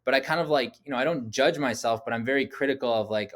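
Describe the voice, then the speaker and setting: A man in his thirties, a podcast guest, telling personal stories in a casual interview. He talks in an animated way, often says "like", and acts out quoted dialogue. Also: medium pitch, quick pace.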